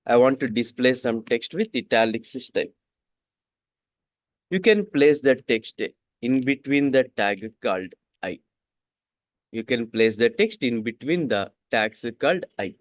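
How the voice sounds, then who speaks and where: Slow man repeating every line. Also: medium pitch, expressive, dry recording, clean studio sound. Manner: repeats each sentence twice, slow and deliberate. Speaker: coding instructor. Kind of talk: classroom coding lesson.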